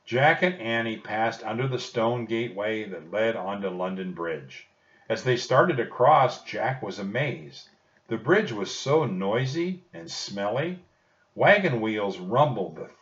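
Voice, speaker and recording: Slow, lively male storybook narrator. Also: lowish voice. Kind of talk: audiobook narration of a children's story. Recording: dull distant recording.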